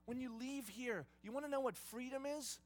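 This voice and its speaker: A man preaching a sermon in an emphatic style, swinging between hushed and loud delivery. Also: extremely high pitch, normal speed. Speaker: pastor.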